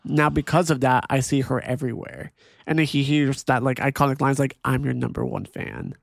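Gravelly-voiced casual podcast guy. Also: mid-range voice, a little fast, dry recording, studio quality. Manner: enthusiastic, swears, many "like" fillers. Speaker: podcast co-host. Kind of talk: casual movie chat.

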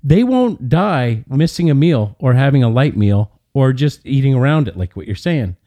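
A man's voice: medium pitch, sing-song, normal speed, warm tone. A man in casual conversation with a wry, joking manner. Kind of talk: casual chat.

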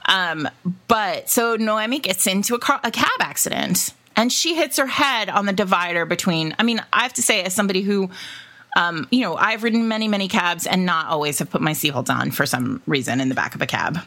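A woman co-hosting a podcast, chatting casually about a romance novel, animated and laughing often as she acts out dialogue. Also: medium pitch, brisk. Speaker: podcast co-host. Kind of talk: casual book discussion.

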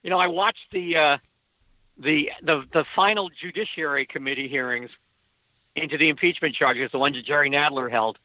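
A man's voice: fairly high pitch, normal speed, dry recording. An older man, a political writer telling stories as a guest in a casual interview, wry and full of restarts. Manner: wry, storytelling, many restarts. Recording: dull lo-fi remote line.

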